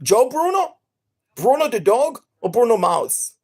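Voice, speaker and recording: A woman's voice: on the high side, unhurried, husky. Hyped up lady gamer with an accent, streaming live and talking to chat. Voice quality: non-native accent. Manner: extremely energetic, enthusiastic. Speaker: gaming streamer.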